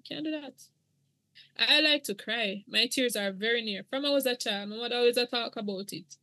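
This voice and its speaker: A woman's voice: fairly high pitch, brisk, sharp tone, no room sound. A middle-aged woman, earnestly telling her own story as a podcast guest. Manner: earnest, emotional, church-toned. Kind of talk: podcast interview testimony.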